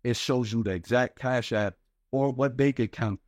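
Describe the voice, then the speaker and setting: A young man from New York, a rapper guest telling stories in a casual interview, animated and slangy, acting out the voices of people he quotes. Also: medium pitch, moderate pace, no room sound, studio quality. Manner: animated, slangy, acts out quoted voices, repeats "you get what I'm saying". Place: small podcast studio. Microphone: studio microphone.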